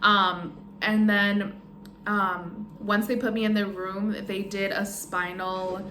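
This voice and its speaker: A woman's voice: medium pitch, level tone, slow, bright, forceful tone, a little hiss or hum. A young woman vlogger casually telling her birth story, rambling with lots of "um" and "like". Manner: rambling, many fillers like "um" and "like". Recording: roomy echo.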